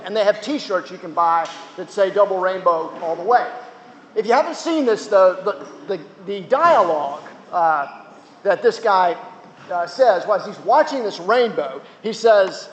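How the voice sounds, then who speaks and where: A man's voice: high voice, animated, normal speed, slight background noise. A male chaplain giving an informal teaching to students, chatty, with asides to the audience. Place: chapel hall. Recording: echoey hall, dull lo-fi sound.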